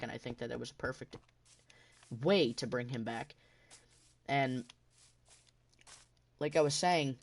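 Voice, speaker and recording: A man hosting a gaming channel, talking in a casual rambling monologue while he plays, passionate and often restarting his sentences. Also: mid-range voice.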